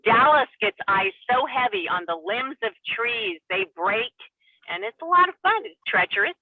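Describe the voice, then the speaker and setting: A woman comedian calling in by phone, telling stories in an animated way and laughing often. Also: fairly high pitch, moderate pace, no room sound. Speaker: guest comedian. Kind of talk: casual chat with storytelling. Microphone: phone call. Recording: tinny dry phone line.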